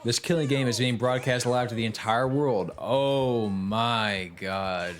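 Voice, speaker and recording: A man streaming a video game, reacting loudly, swearing, laughing and chatting with viewers. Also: mid-range voice, measured pace. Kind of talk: casual gaming stream commentary.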